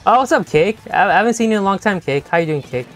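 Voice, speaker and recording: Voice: mid-range voice, animated, quick pace, soft background music. A young-adult game streamer chatting playfully with viewers during a live session, laughing often and teasing the chat.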